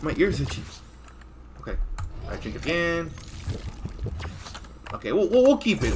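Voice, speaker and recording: A man giving live commentary as he plays a video game, jumpy and excitable, full of exclamations. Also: a little high, normal speed, long pauses, background noise. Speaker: gaming streamer.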